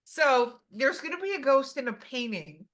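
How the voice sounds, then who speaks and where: A woman co-hosting a podcast, telling stories in an animated, enthusiastic casual chat. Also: sits high, normal speed. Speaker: podcast co-host.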